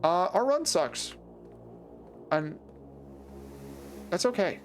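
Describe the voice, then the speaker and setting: A streamer in the middle of a live gameplay session, chatting casually and joking with the viewers. The voice sits at an ordinary middle pitch, and the talk stays playful and teasing throughout. Faint game music plays underneath. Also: sing-song, extremely slow. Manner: joking, teasing, talks to chat.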